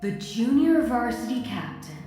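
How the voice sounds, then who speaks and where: A woman voicing a cold, weary brainwashed young man who sighs and speaks flatly, with a heavy echo as if inside a head. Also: on the high side, normal speed, voice pushed up. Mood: mocking. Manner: sighing, flat and resigned. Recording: echoey, long hall reverb, faint music.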